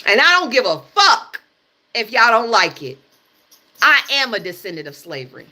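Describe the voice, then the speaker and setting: Blunt, forceful high-voiced woman ranting. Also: big pitch swings, normal speed. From United States. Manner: blunt, emphatic and profane, hammering points with repetition. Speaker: livestream host. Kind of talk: heated livestream rant.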